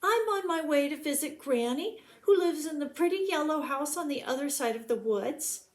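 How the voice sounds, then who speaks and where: A woman doing a sweet, high little girl. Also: lively intonation, normal speed. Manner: high and breathless. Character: sweet, polite young girl.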